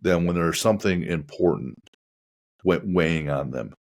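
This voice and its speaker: A man hosting a podcast in a very deep voice. He talks in a measured, reflective way and lets his questions wander before he lands them. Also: lively intonation, vocal fry, darkish tone. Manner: measured, reflective, asks long rambling questions. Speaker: podcast host. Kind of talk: casual interview chat.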